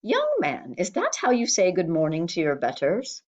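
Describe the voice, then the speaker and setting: A woman's voice: fairly low pitch, huge pitch swings, normal speed, muffled recording. A woman voicing a stern, proud older housekeeper who talks sharply and bossily. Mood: scolding. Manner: sharp, scolding, bossy.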